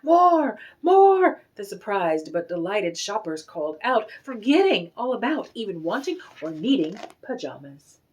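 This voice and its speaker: A woman reading a children's picture book aloud with expressive, animated storytelling. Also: mid-range voice, moderate pace, hardly any pauses, breathy edge.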